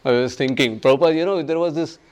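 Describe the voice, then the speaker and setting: A man giving a devotional class on scripture, emphatic and repetitive, who acts out the people he quotes and chants verses slowly. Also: on the high side, a little mellow. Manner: emphatic, repeats phrases, acts out quoted speakers.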